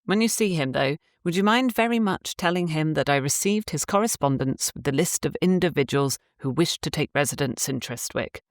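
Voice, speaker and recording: A woman voicing a courteous, roguish gentleman landowner in an audiobook, with polished speech. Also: sits low, animated, normal speed, few pauses, no echo, studio quality.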